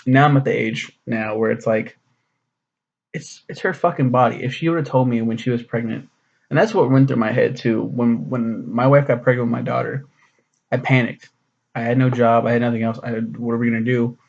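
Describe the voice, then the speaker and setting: Gravelly, rambling man reviewing a comic. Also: mid-range voice, fairly even intonation, normal speed, a little mellow, lo-fi sound. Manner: rambling, profane, lots of fillers. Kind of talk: casual recap and commentary.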